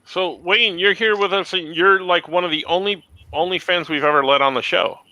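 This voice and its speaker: A man's voice: sits high, normal speed, sharp tone, no room sound, highs cut off. A man co-hosting a casual podcast, talking in a dry, teasing way. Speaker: podcast co-host. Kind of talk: casual chat.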